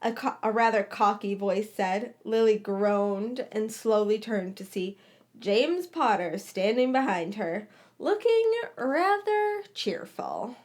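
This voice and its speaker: A woman's voice: medium pitch, animated, slow, darkish tone. A woman reading a fan fiction story aloud, sometimes stumbling and rereading phrases. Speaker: story reader.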